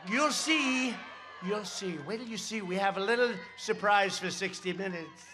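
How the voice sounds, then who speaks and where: A man giving a campaign rally speech at a podium microphone, rambling with sarcastic asides and shouted emphasis. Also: sits high, moderate pace, a crowd in the background, background noise.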